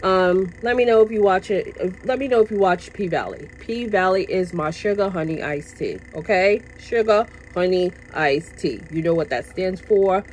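A woman's voice: fairly low pitch, animated, moderate pace, hardly any pauses, a little hiss or hum, poor audio. A woman vlogging casually from her workplace, chatty and passionate, repeating herself and tagging her lines with "okay?". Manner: passionate, now and then gets loud. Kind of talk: casual chat to camera. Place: at work, indoors.

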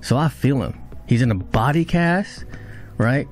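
A man giving casual, excitable commentary while reacting to an anime episode, swearing freely, his voice jumping high when he is shocked. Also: measured pace, faint music behind.

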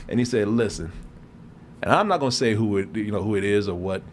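A man's voice: lowish voice, fairly quick, slight background noise. A man from Texas, a show host, telling a story in casual chat and acting out the people in it. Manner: animated, acts out the people in his story.

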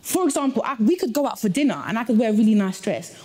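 A woman guest makes her case firmly in a couple's dispute. Her voice is mellow and dark-toned, and she lays out her points one by one in a defensive way. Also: on the high side, very animated, quick pace. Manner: firm, defensive, argues point by point. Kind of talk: casual debate.

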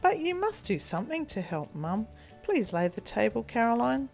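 A woman doing a patient gentle mum. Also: on the high side, big pitch swings, moderate pace, gravelly, faint music behind, pitched above the performer's own voice. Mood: gentle firm.

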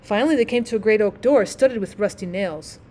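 A woman's voice: medium pitch, brisk, a little mellow. A woman teacher narrating a classic short story as an audiobook, reading steadily and expressively.

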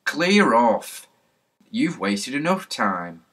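A man's voice: fairly low pitch, expressive, moderate pace, a bit bright. A man voicing a pompous, bossy village policeman in a children's storybook reading, barking his orders. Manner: barking, blustering.

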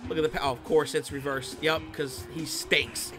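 A man giving excitable, profane gameplay commentary, trash-talking and bursting into shouts while he plays. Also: a little high, normal speed, music in the background. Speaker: gaming YouTuber.

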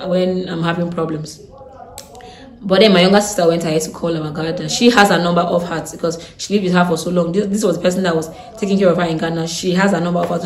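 A young Nigerian woman with a Nigerian accent, telling a story in a blunt, animated way with Pidgin turns of phrase. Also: on the low side. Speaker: vlogger. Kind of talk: casual storytime. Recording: echoey room.

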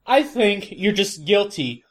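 A man's voice: sits high, very animated, takes it slowly, a bit bright, slight background noise. A man with a Midwestern American accent co-hosting a comedy podcast, patiently trying to make his point while being interrupted. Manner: patient, keeps trying to get a word in. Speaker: podcast co-host. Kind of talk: casual comedic chat.

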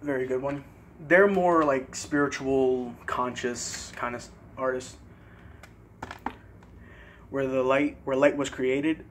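A young vlogger does a laid-back show-and-tell of his CDs, hesitating with fillers and slowing down to get difficult words right. He speaks at a medium pitch, and a little hiss or hum can be heard.

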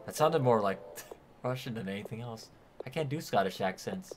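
A man's voice: mid-range voice, animated, moderate pace, music in the background. Man joking through a game stream. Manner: joking reactions, swearing. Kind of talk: casual gameplay commentary.

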